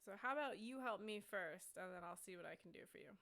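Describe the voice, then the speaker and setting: A man's voice: high voice, expressive, fast talker, creaky, sharp tone, exaggerated voice. A woman voicing a sneering dock worker. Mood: bargaining. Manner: curt, sneering replies. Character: sneering male dock worker, gruff and dismissive.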